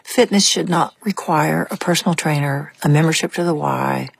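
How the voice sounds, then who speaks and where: A woman's voice: low voice, moderate pace, gravelly, breathy edge, no room sound. An older woman, a musician guest, telling stories in a reflective, thinking-aloud way during a casual interview.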